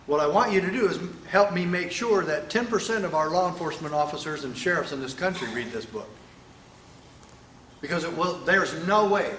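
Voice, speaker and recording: A man giving an emphatic political speech to an audience at an event, pausing for rhetorical questions. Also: fairly high pitch, a bit bright, far from the mic, a little hiss or hum. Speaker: speaker at a sheriffs' event. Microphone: microphone, sometimes stepping away. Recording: echoey hall.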